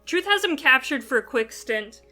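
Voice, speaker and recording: Bright-voiced woman podcaster, animated. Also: high-pitched, normal speed, soft background music. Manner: animated, acts out characters with exaggerated quips. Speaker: podcast co-host. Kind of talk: casual podcast chat.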